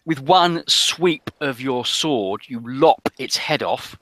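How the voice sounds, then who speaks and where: A man narrating a tabletop adventure as game master, unhurried and full of ums and uhs. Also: mid-range voice, lively intonation, a bit bright, no room sound.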